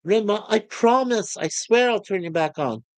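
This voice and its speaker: A man doing a scruffy young crewman who runs himself down, in a low, laid-back voice for a fan retelling. The delivery is close and dry. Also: animated, moderate pace, no room sound. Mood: pleading. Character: scruffy, self-mocking young male crewman.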